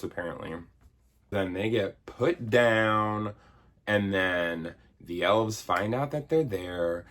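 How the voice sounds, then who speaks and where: A man's voice: low-pitched, a bit bright. A man in his thirties giving a sarcastic, exasperated comedic film review, swearing casually. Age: 30s. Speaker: video essayist reviewing a film. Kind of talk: comedic movie review rant.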